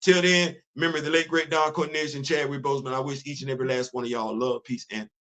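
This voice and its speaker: A man's voice: mid-range voice, steady tone, fast, a bit bright. A man hosting a casual livestream, talking emphatically and repeating himself as he drives his points home. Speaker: host.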